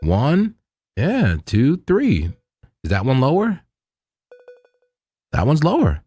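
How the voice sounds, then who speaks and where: A man's voice: mid-range voice, wildly swooping pitch, slow pace, warm tone, breathy edge, no room sound. A man hosting a crypto trading livestream, chatting loosely with viewers in slang, repeating himself and laughing often. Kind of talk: casual live-stream chat with viewers.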